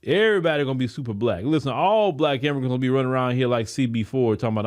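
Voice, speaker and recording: An American man with an African American English accent, hosting a podcast and delivering an emphatic, preachy commentary monologue that is full of repeated words and restarts. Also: quick pace. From United States. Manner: animated, swinging from raised to low, quiet asides. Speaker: podcast host.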